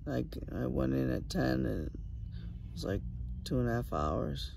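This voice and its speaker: A man recording a soft, halting late-night video diary while grieving and worn out. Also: mid-range voice, expressive, gravelly, background noise. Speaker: vlogger. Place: small private sleeping area, indoors.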